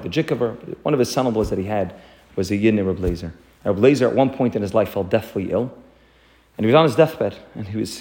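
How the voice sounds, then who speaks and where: Fast-talking man telling a lesson story. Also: on the low side. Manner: animated storyteller, repeats phrases, earnest. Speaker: Torah teacher.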